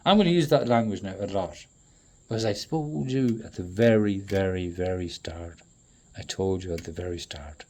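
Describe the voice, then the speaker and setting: A man in a profane, rambling monologue that swings between loud outbursts and low muttering. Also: normal speed. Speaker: traveling performer.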